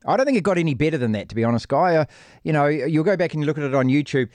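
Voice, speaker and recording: A man hosting casual sports banter, quick and teasing. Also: a little high, expressive, a little mellow, no echo. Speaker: radio sports host.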